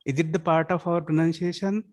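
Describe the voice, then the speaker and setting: In this clip a man with a slightly high voice lectures fairly quickly, his intonation fairly even. The college lecturer keeps asking his class "yes or no?" and slips into Marathi and Hindi to get points across.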